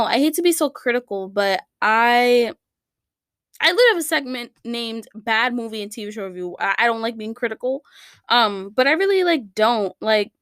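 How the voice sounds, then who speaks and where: A young woman hosts her podcast in a loose, rambling chat, full of fillers and little self-corrections. Her voice sits a bit high and comes through dry and close on the mic. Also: fairly bright tone, no room sound. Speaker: podcast host. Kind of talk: casual solo podcast chat. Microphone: studio microphone.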